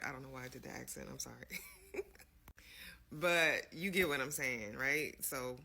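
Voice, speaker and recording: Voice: medium pitch, normal speed, gravelly, pauses often, bright, forceful tone, husky. A vlogger giving loose, conversational opinion commentary, often filling with "like" and "you know what I'm saying.".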